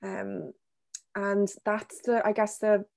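A woman answering interview questions about self-compassion in a gentle, thoughtful way, pausing with ums and restarting her sentences. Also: mid-range voice, big pitch swings. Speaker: guest speaker on self-compassion.

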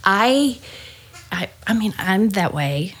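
A woman who works as a pastoral care pastor tells a personal story in a podcast conversation, animated and acting out the dialogue. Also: mid-range voice, slow pace. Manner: lively storyteller, acts out dialogue.

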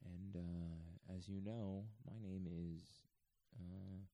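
Calm public-radio interviewer, as a man puts him on: hushed, measured, and deep, with a very dark, dry tone. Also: dry recording. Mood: mock-formal.

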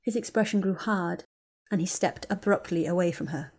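Woman narrating in a low-ish voice. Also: moderate pace, darkish tone. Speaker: audiobook reader. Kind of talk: scripted narration of fan fiction.

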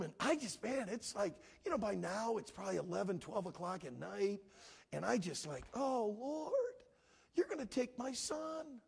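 A man's voice: sits high, creaky, darkish tone, slightly rough. A middle-aged man, a pastor, preaching a sermon and telling an emotional personal story with dramatic swings in his voice. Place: church.

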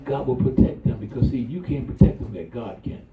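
A man's voice: mid-range voice, fairly quick, phone-quality sound, over music. A middle-aged man preaching a sermon as pastor, folksy and humorous, inviting call and response. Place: church sanctuary. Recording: echoey church, distant mic, faint noise.

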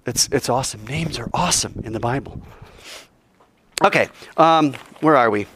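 A man teaching a Bible lesson as animated storytelling, joking, vivid and talking straight to his listeners in a hot indoor room. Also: mid-range voice, moderate pace, a little hiss or hum.

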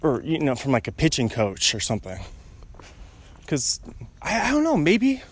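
Walking outdoors along a residential street, this young man vlogs casually to himself, rambling and laughing softly often. His fairly high voice swoops wildly, with a moderate pace and a slightly rough texture.

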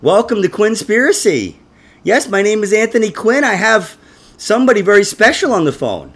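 A man's voice: high-pitched, sing-song, normal speed, a bit bright. A man hosting a comedy podcast, joking crudely, swearing freely and laughing often.

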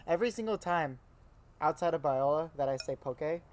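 A man's voice: on the high side, expressive, a little fast, a little mellow. A young man co-hosting a podcast, talking in a laid-back, chatty way and often trailing off. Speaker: podcast co-host. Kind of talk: casual chat.

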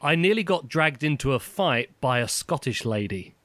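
A man's voice: mid-range voice, animated, normal speed, fairly bright tone, no room sound. A man chatting casually in a game of guessing true stories, laughing often and teasing. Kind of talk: casual chat, two truths and a lie game.

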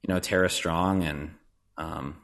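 A man's voice: low voice, fairly even intonation, unhurried, vocal fry, a bit bright. A man who works as a voice actor, chatting casually on a podcast, rambling and self-deprecating with many fillers and restarts. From Nebraska. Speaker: voice actor guest.

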